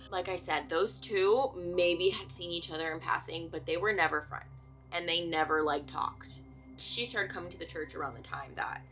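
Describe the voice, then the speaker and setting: A young woman from the Bay Area telling a true ghost story in a chatty way, full of "like" fillers, dropping to a hush at the creepy parts. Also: sits low. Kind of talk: casual spoken storytelling. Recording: soft music behind the voice.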